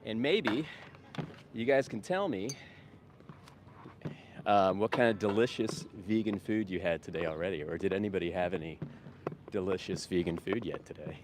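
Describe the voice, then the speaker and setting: Out on a town street doing vegan outreach, this vlogger speaks in a deep voice at a moderate pace, leaving long pauses against a noisy background. He rambles cheerfully, with lots of fillers and restarts.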